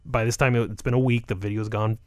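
A man's voice: on the low side, quick pace. A man, a comedian, telling stories in a casual interview, acting out quotes and laughing as he goes. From South Florida. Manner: animated, acts out quotes with laughs. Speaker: comedian guest.

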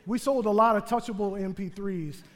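A man's voice: sits high, steady tone, moderate pace. A man telling a humorous, self-mocking story live on a theater stage to an audience. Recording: long theater hall reverb.

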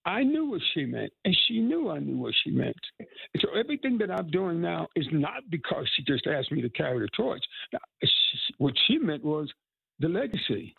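An elderly man in his eighties, from North Carolina, speaks earnestly in an interview. His voice is heavily gravelly and husky, with a slightly raised pitch. It comes through a tinny, phone-like line. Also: very animated, moderate pace, no room sound. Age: 80s. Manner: earnest, heartfelt storytelling. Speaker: musician and activist.

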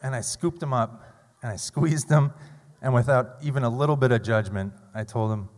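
A man in his thirties telling a funny, self-deprecating story live on stage at a story slam, with loud bursts. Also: medium pitch, normal speed, noisy background. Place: large theater stage. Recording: long hall reverb.

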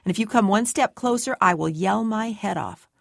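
A woman's voice: mid-range voice, normal speed, vocal fry, dry recording, clean studio sound. A woman giving tense, anxious first-person story narration as an audiobook narrator.

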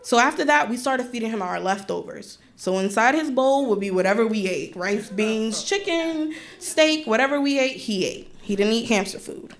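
A woman's voice: on the high side, moderate pace, hardly any pauses. A young woman telling a funny personal story on stage, acting out her relatives' voices with lots of energy. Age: young adult. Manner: animated, acts out relatives' voices.

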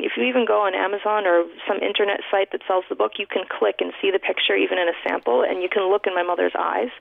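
A New York City woman, appearing as a guest author on a radio interview, recounts her life story with heartfelt reflection and frequent restarts. Her voice is medium-pitched and creaky. The recording is dry and thin, like a phone line.

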